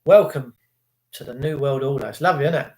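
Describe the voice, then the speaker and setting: A man's voice: mid-range voice, quick pace. A middle-aged man hosting a casual live stream, reacting to footage with sarcasm and chatting to viewers. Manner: excitable, sarcastic, addresses viewers as mate. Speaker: livestream host.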